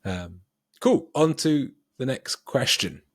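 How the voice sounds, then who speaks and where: A man's voice: mid-range voice, sing-song, slow pace, fairly bright tone, dry recording, studio quality. A man co-hosting a podcast, chatting casually and thinking aloud with plenty of ums, often laughing at himself. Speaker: podcast co-host.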